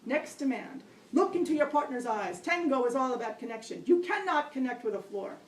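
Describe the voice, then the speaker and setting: A woman's voice: high voice, expressive, a little fast, pitched above the performer's own voice. A woman barking as a strict male tango instructor. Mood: barking orders. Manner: barking orders. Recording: roomy, distant live-event recording.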